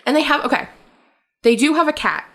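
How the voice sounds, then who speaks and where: A woman co-hosting a podcast, telling stories in a casual, animated way with frequent laughter and lots of fillers. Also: sits high, fairly quick. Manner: animated storyteller, laughs often, many fillers. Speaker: podcast co-host. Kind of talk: casual chat.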